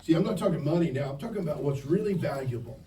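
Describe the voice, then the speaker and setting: Man, camp preacher, sermon to teenagers, joking, questioning the crowd, mellow tone, distant mic. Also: on the high side, expressive, fast. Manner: direct, joking, keeps asking the crowd questions. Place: church camp meeting. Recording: distant mic with faint ambient noise.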